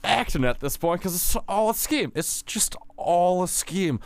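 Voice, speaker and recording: Joking man co-hosting, pitch all over. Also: expressive, unhurried, no room sound. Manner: joking, chiming in. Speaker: podcast co-host. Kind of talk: casual episode recap chat.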